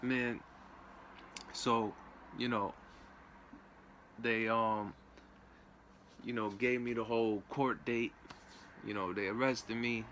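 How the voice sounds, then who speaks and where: A man's voice: medium pitch, steady tone, slow, long pauses, fairly bright tone, slight background noise. Streetwise young man. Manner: loose, streetwise, peppered with "man" and "you know". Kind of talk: casual storytelling.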